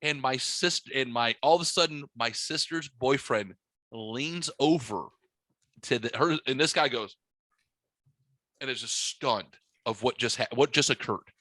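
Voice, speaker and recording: A man hosting a podcast, telling a story in a boisterous, profane, animated way. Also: mid-range voice, unhurried, no echo. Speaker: podcast host. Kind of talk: casual storytelling chat. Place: podcast studio.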